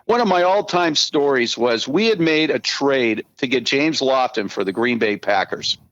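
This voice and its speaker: A man in his sixties, a podcast guest, telling animated, profane anecdotes in casual talk. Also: medium pitch, moderate pace, muffled recording. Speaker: podcast guest, former team spokesman.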